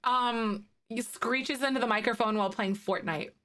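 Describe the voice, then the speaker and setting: Her voice is on the high side and fairly bright, at a moderate pace. While playing a game on a live stream, the young woman talks casually with viewers and reacts to chat with laughs and fillers.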